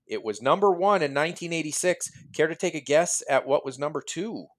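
Male host, chatty and animated, slightly higher voice, laughs a lot. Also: a little fast. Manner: animated, laughs often while telling stories. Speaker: podcast host. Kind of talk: casual chat.

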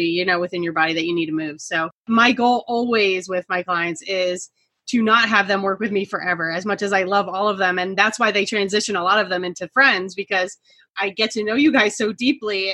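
Bright-voiced woman hosting a podcast. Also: mid-range voice, dry recording. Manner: effusive, leading questions. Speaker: podcast host and energy healer. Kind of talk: conversational podcast interview.

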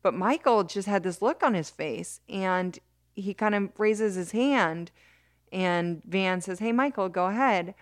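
A woman as an interview guest, telling a story in an animated way with many restarts and bursts of laughter. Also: medium pitch, takes it slowly, no echo, clean studio sound. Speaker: interview guest, criminal justice advocate.

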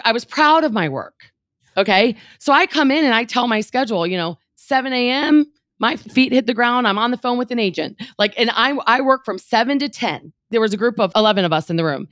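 A woman in her thirties, a real estate team leader, telling a candid personal story in an interview, animated and emotional, with lots of "like" fillers. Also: mid-range voice, dry recording, studio quality.

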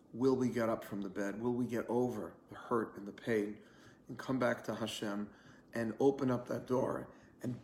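Rabbi teaching an online class, gravelly voice. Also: male voice, lowish voice, darkish tone, reverberant, slight background noise. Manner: earnest storytelling teacher, conversational with fillers. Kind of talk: online lunch-and-learn class.

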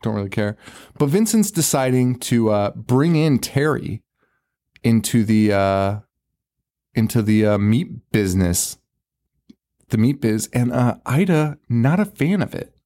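A man's voice: medium pitch, expressive, unhurried, warm tone. A man co-hosting a podcast, recapping a horror movie in casual chat, swearing freely and laughing often. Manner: profane, laughing, retells scenes in mock voices. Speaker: podcast co-host.

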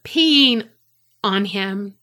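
A woman co-hosting a podcast, telling a story in casual chat, animated and swearing freely. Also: medium pitch, drawn-out words. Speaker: podcast co-host.

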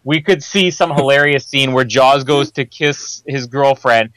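A man's voice: mid-range voice, measured pace, a bit bright, no echo, rough recording. A man co-hosting a podcast, joking through a casual film discussion and laughing as he talks. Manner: joking, laughs while talking. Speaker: podcast co-host.

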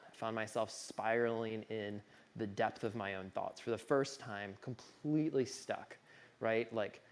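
A young man telling a personal story in an earnest, conversational way, full of casual fillers and speaking of his own grief with feeling. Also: fairly low pitch.

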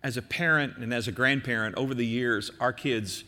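Older male pastor, earnest exhorting sermon delivery, mid pitch, big reverberant church hall sound. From American Midwest. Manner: earnest, exhorting, slows and softens for emphasis.

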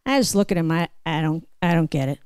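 A woman telling a personal story on stage at a live show, slow and deliberate. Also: sits low, animated, darkish tone, clean tone, dry recording.

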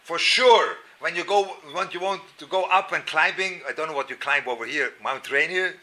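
A man's voice: moderate pace, sharp tone. A man teaching a Torah class to an audience, speaking emphatically and acting out inner voices, with Hebrew and Yiddish terms in his English. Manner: emphatic, acts out inner voices with rising and falling pitch; talks directly to the audience with asides and questions. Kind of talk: spoken Torah lecture to an audience.

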